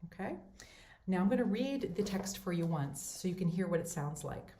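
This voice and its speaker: A woman giving a voice lesson as a teacher, explaining step by step in a clear, methodical way. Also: fairly low pitch, animated, moderate pace, mellow, slight background noise. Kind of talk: instructional voice lesson. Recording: roomy echo.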